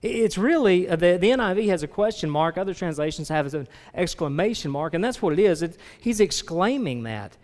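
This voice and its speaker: A man's voice: high-pitched, expressive, brisk, hardly any pauses, a little mellow. A man preaching a conversational sermon to a congregation, asking them questions directly and often restarting his phrases. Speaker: pastor. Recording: long reverb of a large hall.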